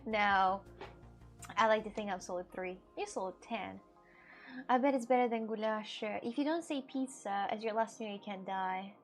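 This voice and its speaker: A woman's voice: mid-range voice, moderate pace, soft background music. A young woman live-streaming from her home setup, chatting casually with her audience, laughing often and swearing freely. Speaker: live streamer reading chat.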